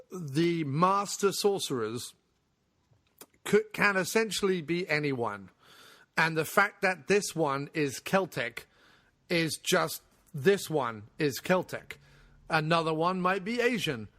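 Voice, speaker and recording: A man co-hosting a casual podcast discussion, opinionated and animated, swearing freely as he argues his point. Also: a little high. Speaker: podcast co-host.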